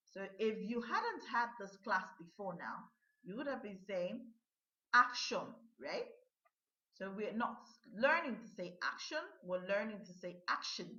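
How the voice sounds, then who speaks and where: A woman teacher running a pronunciation lesson, drawing words out slowly and checking in with "okay?" often. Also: on the high side, bright, forceful tone. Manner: slow, drawn-out modeling of words, frequent "okay?" checks. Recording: dull lo-fi sound in an echoey room.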